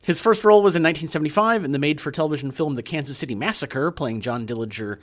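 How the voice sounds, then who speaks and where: A man's voice: fairly high pitch, racing. A middle-aged man co-hosting a podcast, reading out film trivia in casual chat with light fillers and easy laughs. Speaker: podcast co-host.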